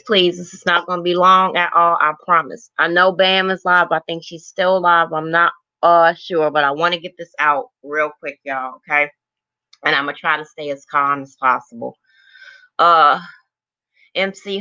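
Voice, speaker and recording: Older woman, livestream host, bright and forceful, blunt and profane, muffled lo-fi audio. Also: fairly low pitch. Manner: blunt, heavily profane, greets viewers by name. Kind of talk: angry livestream rant to chat.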